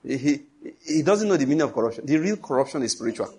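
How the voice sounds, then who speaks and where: Husky Nigerian preacher, emphatic delivery. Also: male voice, medium pitch, fast. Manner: emphatic, animated storytelling with rhetorical questions. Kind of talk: sermon.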